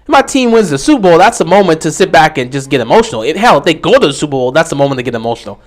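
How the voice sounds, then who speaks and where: Animated young man hosting a livestream. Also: a little high, very fast. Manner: animated, answering chat questions. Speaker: livestream host. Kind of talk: casual livestream commentary.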